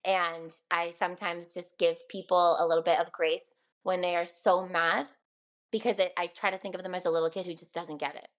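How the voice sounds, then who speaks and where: A woman's voice: fairly low pitch, fairly even intonation, fairly quick. A young woman, a radio host, talking casually and earnestly on a podcast. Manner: chatty, earnest, laughs often.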